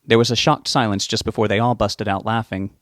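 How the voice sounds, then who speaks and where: A man narrating a novel as an audiobook reader, giving the characters' lines small lifts in pitch. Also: steady tone, brisk, fairly bright tone, dry recording, studio quality.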